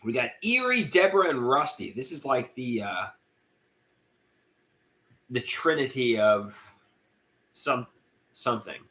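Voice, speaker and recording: A man's voice: medium pitch, animated, slow pace, pauses often, pushed and bright. A man hosting a casual livestream, rambling and chatty as he reads out viewer comments and greets them by name. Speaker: livestream host.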